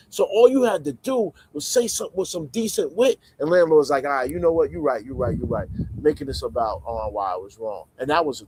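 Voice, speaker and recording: A man with a fairly high voice talks through a casual livestream, animated and conversational. He jumps between loud, emphatic points and quiet muttered asides. The sound is dry and close, with no room echo. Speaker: livestream commentator.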